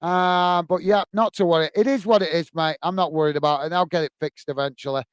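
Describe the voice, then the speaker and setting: Guy reading out chat on his live stream, chatty, clear voice, dry sound. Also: fairly high pitch, steady tone, brisk, no echo. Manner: reads viewer comments aloud, friendly and chatty. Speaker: livestream host reading chat.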